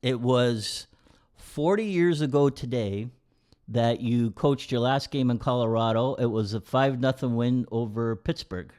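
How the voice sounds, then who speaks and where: A man's voice: medium pitch, unhurried, darkish tone, smooth. A middle-aged man co-hosting a casual podcast, prompting hockey stories and often agreeing with "yeah". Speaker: podcast co-host. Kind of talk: casual chat.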